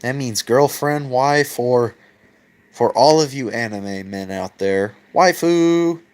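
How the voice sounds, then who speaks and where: A man's voice: mid-range voice, slow pace, smooth. A man hosting a casual livestream, reading old myths aloud and retelling them in a laid-back, profane way. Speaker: mythology video host.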